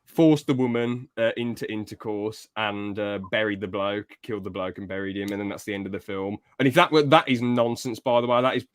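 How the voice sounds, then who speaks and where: A man's voice: lowish voice, fairly quick, hardly any pauses, smooth, no room sound, clean studio sound. A man chatting on a podcast, rambling and opinionated, swearing casually about films he dislikes. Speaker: podcast co-host.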